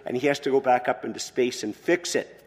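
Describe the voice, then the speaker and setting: A man preaching a sermon as pastor, expressive, moving between quiet, soft passages and loud emphatic ones. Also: mid-range voice, fairly quick, long reverb tail.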